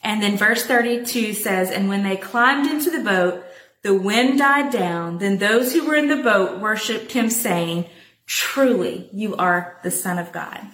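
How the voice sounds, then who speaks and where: A woman teaching a Bible passage in a chatty, animated way, calling her listeners y'all. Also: medium pitch, a little slow, reverberant.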